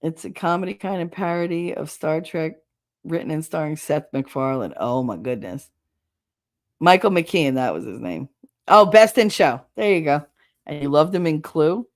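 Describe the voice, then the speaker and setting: A woman's voice: sits low, lively intonation, normal speed. A middle-aged woman hosting a livestream, chatting casually and rambling, often laughing as she reads comments. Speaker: livestream host reading chat. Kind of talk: casual chat.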